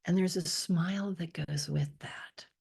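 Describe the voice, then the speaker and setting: Low gravelly lady doing a slow soft guided meditation, half whispering. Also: steady tone. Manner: slow, soft and drifting, often dropping to a whisper on affirmations. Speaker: spiritual teacher leading a meditation.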